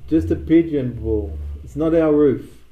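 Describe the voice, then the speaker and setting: A man voicing a helpful young woman secretary in a storybook reading, pitched up and eager to offer help. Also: unhurried, reverberant, highs cut off, natural voice.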